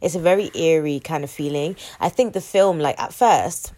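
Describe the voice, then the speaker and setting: A woman co-hosting a podcast in casual chat, nasal and run down with a cold, chatty and animated. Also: low voice, normal speed. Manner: chatty, animated, trailing fillers. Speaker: podcast co-host.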